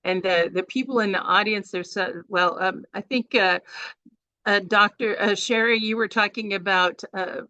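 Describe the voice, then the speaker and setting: A chatty woman leads a workshop over a video call, rambling a little as she talks. Her voice is bright and forward, recorded dry with no room sound. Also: mid-range voice, normal speed, dry recording, lo-fi sound. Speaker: workshop presenter.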